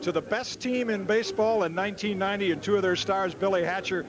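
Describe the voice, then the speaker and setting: A man hosting post-game coverage briskly and upbeat from a celebrating clubhouse. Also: sits high. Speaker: broadcast host. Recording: loud crowd noise behind.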